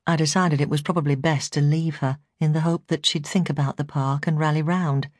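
Low-voiced woman reading a memoir. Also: fairly even intonation, brisk, darkish tone, dry recording, clean studio sound. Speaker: audiobook narrator. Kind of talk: first-person memoir reading.

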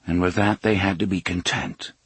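A man narrating an audiobook in a steady, even reading voice. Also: low-pitched, moderate pace, husky, dry recording. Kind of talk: scripted narration.

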